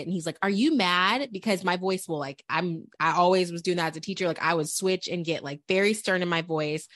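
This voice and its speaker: Animated young woman, dry close mic. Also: fairly low pitch, no room sound. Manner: animated storyteller, quick asides, many "like"s. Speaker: podcast co-host, mother. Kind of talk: casual chat.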